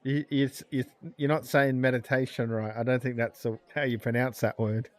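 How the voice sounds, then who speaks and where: Relaxed, joking man in a pub chat. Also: medium pitch, moderate pace. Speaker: podcast co-host.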